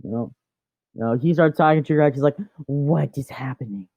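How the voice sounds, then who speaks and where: A man's voice: a little high, fast, a little mellow, dry recording. A man casually retelling a fan story in a rambling way, full of fillers and restarts. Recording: dull lo-fi dry mic.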